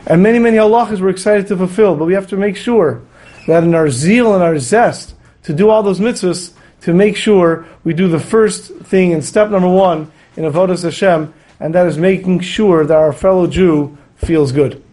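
Guy giving a torah class, earnest, pretty high voice, tells stories. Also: normal speed, warm tone. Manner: earnest, storytelling with acted quotes. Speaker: rabbi teaching a weekly Torah class. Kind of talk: Torah lecture with storytelling.

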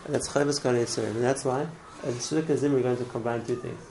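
Guy giving a torah class, gravelly voice, faint hiss behind, keeps repeating himself. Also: medium pitch, fairly even intonation, quick pace, darkish tone, poor audio. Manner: earnest, repeats words, restarts phrases. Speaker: Torah teacher. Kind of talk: religious class lecture.

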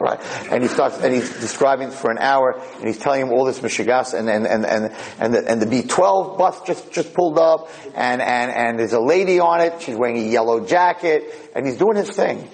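A man lecturing, telling a sermon story in an animated way, with many restarts and repeated words, swinging between loud and soft. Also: medium pitch, rough recording. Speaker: Jewish lecturer.

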